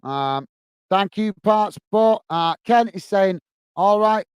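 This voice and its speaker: A man hosting a football watch-along, commentating on the match and chatting warmly with viewers in the chat. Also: high-pitched, animated, slow pace, smooth, no echo. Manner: chatty, says "mate" a lot, reads chat messages aloud.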